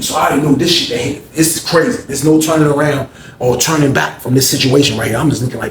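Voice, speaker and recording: A man's voice: mid-range voice, fairly even intonation, fast. A man animatedly telling a profane story, acting out the scene as he goes, recorded in an echoey room. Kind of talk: casual storytelling. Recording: echoey room with faint background noise.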